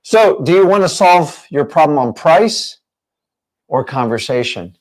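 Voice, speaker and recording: A man's voice: on the high side, expressive, a little slow. A man teaching a real estate training session, emphatic and full of rhetorical questions.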